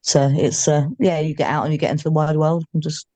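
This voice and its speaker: English woman guest singer, casual fast chat, dry close sound, soft mellow tone. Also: low-pitched, level tone, no room sound. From England. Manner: chatty, trailing off with ums and tag questions.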